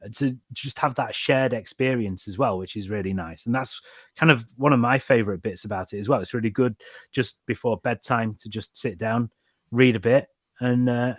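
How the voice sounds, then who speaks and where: A man's voice: medium pitch, no room sound. A man in easygoing podcast conversation, chatty and self-mocking as he tells stories about home life. His voice sits in the middle range, and the recording is close and dry with no room sound. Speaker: podcast co-host. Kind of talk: casual chat.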